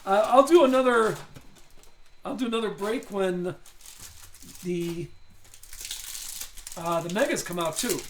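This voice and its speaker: A man's voice: high-pitched, a little slow, pauses often, a little hiss or hum. A man hosting a live card break, chatting casually, thinking aloud and reading off names as he opens packs. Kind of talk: live card-opening stream chat.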